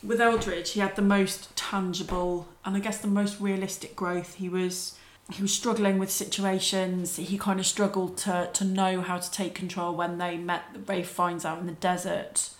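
Chatty woman for a casual film-review podcast, lower voice, echoey room. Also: little pitch movement, normal speed, few pauses. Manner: chatty, playful, acts out quotes. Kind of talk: casual film discussion chat.

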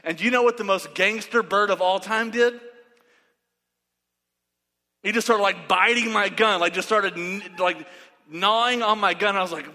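Man, preacher, bright forceful voice, animated storytelling, echoing hall. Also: high voice, normal speed, pauses often. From West Texas. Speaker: pastor. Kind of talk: sermon with storytelling. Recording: reverberant hall.

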